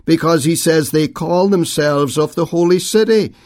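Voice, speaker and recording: A man preaching a sermon, reading scripture and then expounding it in a measured, emphatic way with frequent pauses. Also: on the high side, a little mellow. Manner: King James phrasing when reading scripture.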